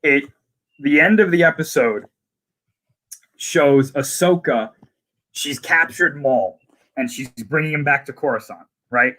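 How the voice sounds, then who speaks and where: A man's voice: a little high, unhurried, long pauses, pushed and bright. A man in casual conversation, eagerly retelling scenes from a series in detail. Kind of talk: casual chat.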